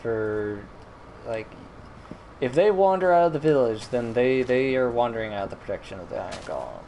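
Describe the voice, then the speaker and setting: A man's voice: mid-range voice, very animated, moderate pace, darkish tone, slight background noise, poor audio. A man streaming a video game, rambling in casual commentary with frequent self-corrections and mild exasperation. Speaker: gaming streamer.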